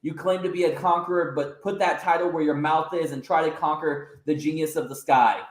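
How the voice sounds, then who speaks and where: A man's voice: fairly high pitch, steady tone, pitched above the performer's own voice, lightly acted. A man voicing a blunt, defiant female wrestler. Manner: slow, clipped, blunt. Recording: roomy echo.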